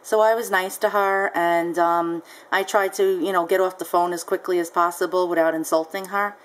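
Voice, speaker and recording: A woman's voice: fairly low pitch, fairly even intonation, normal speed, rough recording. A woman seller casually recounting a story on her vlog, chatty and peppered with ums and asides. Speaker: online seller.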